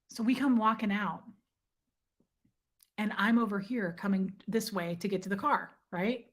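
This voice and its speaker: A middle-aged woman hosting her channel, telling a story to viewers in a loud, self-mocking way, swearing freely and acting out her own yelling. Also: mid-range voice, fairly even intonation, normal speed, long pauses. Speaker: channel host. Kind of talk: casual storytelling chat to viewers.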